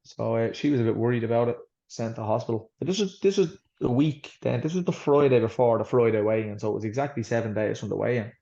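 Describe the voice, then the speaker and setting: A quick, rambling Irish man with a gravelly, dark voice tells his story bluntly, swearing as he goes. The recording sounds slightly dull and lo-fi. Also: mid-range voice. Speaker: boxer, guest. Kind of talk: candid interview storytelling.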